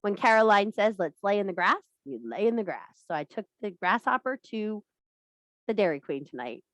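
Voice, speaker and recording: A middle-aged woman leads a women's workshop over a video call, blunt and emphatic, swearing freely as she presses her points. Her voice sits at a middling pitch. The sound is dry and close, with no room echo. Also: sing-song, moderate pace, a bit bright. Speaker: women's circle leader. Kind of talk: casual workshop talk.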